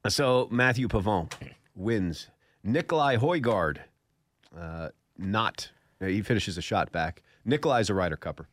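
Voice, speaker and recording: In a radio studio, a male golf show host chats casually and spins stories, joking and laughing often with a scratchy throat. His low-leaning voice has lively intonation and a slightly slow pace.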